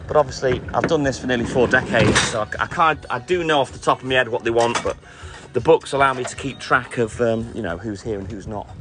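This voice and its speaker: Brisk and with few pauses, a middle-aged man talks in a mid-range voice. Working his night delivery round as a self-employed milkman, he keeps up a casual live-stream chat, greeting viewers and responding to comments between stops.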